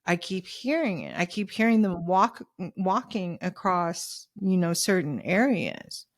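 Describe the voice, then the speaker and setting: A woman guest on a podcast tells stories casually, her voice lowish with lively intonation and a slightly slow pace. She fills her talk with "you know"s and retold dialogue and laughs often, in a dry, clean studio recording.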